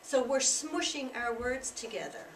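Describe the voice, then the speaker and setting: Animated American woman teaching in an echoey room. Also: sits high, measured pace, a little hiss or hum. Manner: animated, emphatic, demonstrates sounds aloud. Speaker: tutor trainer. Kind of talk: teaching workshop presentation. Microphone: distant room mic. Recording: echoey room from a distance, faint ambience.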